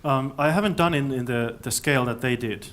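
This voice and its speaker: A man takes questions at a conference, his middle-register voice a little bright. Reflective and halting, he keeps restarting sentences as he reasons his way toward answers in the conference hall.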